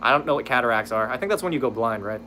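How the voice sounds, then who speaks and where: A man's voice: medium pitch, animated, very fast, sharp tone, slight background noise. A young man streaming, casually chatting with viewers, reading their messages aloud and swearing freely as he laughs at his own slip-ups.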